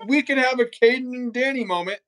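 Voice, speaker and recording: A man's voice: very high-pitched, brisk, fairly bright tone, soft background music. A man hosting a live talk show over a video call, enthusiastic and playful with his guest. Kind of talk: casual live interview chat.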